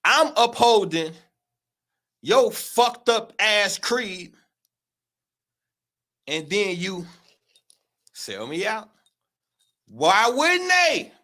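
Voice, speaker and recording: A man with a very high voice that sounds bright and forceful hosts a livestream commentary. He talks in a heated, profane, emphatic way and keeps repeating words for effect. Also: big pitch swings, very slow, pauses often. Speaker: show host.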